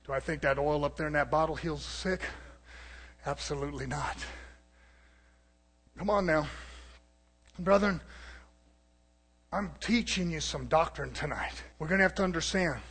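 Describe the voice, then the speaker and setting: A man preaching a sermon, swinging from low murmurs to shouted declarations and calling out to the congregation for responses. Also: normal speed, pauses often.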